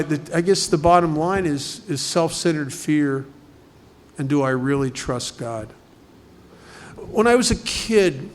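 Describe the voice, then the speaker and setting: A man speaking at a recovery group study, talking conversationally and asking many rhetorical questions. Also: on the high side. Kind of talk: recovery talk.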